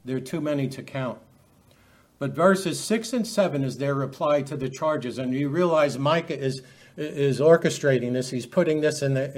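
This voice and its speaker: Emphatic middle-aged preacher, slightly high. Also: male voice. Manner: emphatic, many rhetorical questions. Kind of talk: sermon.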